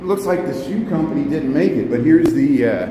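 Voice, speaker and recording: A fairly high-pitched, animated man at a moderate pace live-streams a walking tour through the city. Chatty and prone to restarting his sentences, he points things out on the street and then inside a building arcade; traffic noise and arcade echo are audible.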